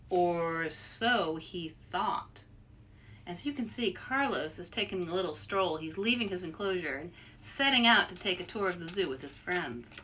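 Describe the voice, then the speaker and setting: A woman author leading an interactive storybook read-aloud for children, playful and animated, inviting listeners to join in. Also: fairly low pitch.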